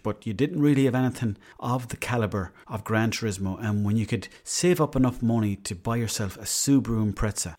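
A man's voice: lowish voice, a little mellow. An Irish man in his thirties hosting a solo podcast, chatty and rambling, swearing freely as he tells stories. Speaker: podcast host. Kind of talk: casual solo podcast monologue.

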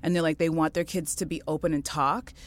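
A woman's voice: deep voice, brisk. A woman from the Caribbean telling a story in casual chat, acting out the people she quotes. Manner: animated storyteller, acts out quoted voices.

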